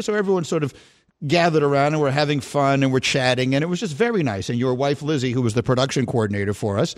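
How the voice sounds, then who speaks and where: Animated middle-aged man telling a story. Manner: animated storyteller, voice jumps high when quoting. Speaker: sports radio host. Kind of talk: storytelling on a sports talk show.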